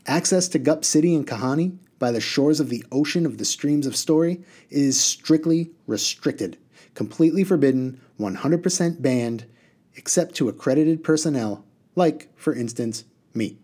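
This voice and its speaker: A cocky storybook water genie who rattles off one slang phrase after another, high and loud and full of swagger, the way a man reading aloud to a class puts him on. he teases and boasts in every breath. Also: lively intonation, normal speed, slightly rough. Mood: boastful. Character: brash, slangy, fast-talking male water genie.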